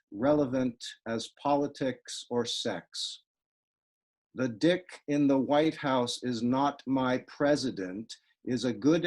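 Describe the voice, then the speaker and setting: A man reading his own poems aloud over a video call, with a dry, wry deadpan delivery. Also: medium pitch. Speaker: poet reading his work.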